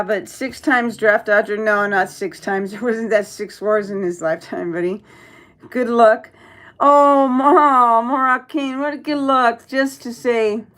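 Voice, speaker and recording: Live-stream host, woman from El Paso, middle-aged, blunt and profane, a bit high-pitched. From El Paso, Texas. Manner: blunt, profane, talks back to chat. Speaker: livestream host reading chat. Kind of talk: casual live-stream chat.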